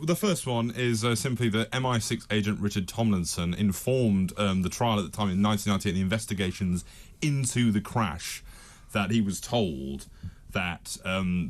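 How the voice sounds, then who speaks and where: Low-voiced man telling theories. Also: slight background noise. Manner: hesitant, many restarts and fillers. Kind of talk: talk show discussion.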